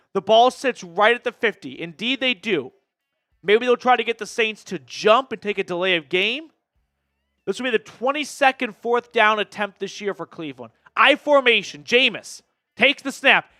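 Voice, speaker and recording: A man hosting a live fan stream, calling football plays quickly and casually, and bursting into excited shouts and chants when he reads out viewer donations. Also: sits high, clear, resonant tone, dry recording, clean studio sound. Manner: rapid, casual play-calling with quick asides. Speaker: fan watch-party host doing play-by-play. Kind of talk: live stream play-by-play and chat.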